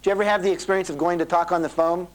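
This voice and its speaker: A middle-aged man leads a motivational seminar on an old cassette tape. His voice sits a little high, and he tells his stories with lively energy, slipping into the voices of the people in them. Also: very fast, rough recording. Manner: animated storytelling, acting out quoted voices. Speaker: seminar speaker. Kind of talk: motivational seminar talk to a live audience.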